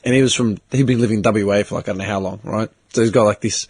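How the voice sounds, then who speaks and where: A man's voice: fairly low pitch, steady tone, very fast, darkish tone, husky. A man on a casual podcast, swearing bluntly and acting out both sides of an argument as he tells a story. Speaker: podcast co-host. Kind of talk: casual chat.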